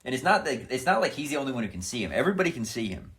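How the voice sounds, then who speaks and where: A man's voice: mid-range voice, rapid-fire. A young adult man co-hosting a casual comedic podcast, retelling an episode with acted-out quotes and plenty of swearing. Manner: animated storyteller, acts out quotes, swears a lot. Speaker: podcast co-host.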